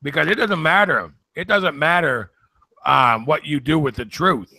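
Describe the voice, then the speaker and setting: A man with a gravelly, forceful voice tells a story with earnest conviction, now and then sliding into a sermon-like push. The sound is dry and close. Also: a little high, measured pace, no echo. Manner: earnest storytelling, builds to preaching. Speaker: co-host. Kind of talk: casual chat, preachy at times.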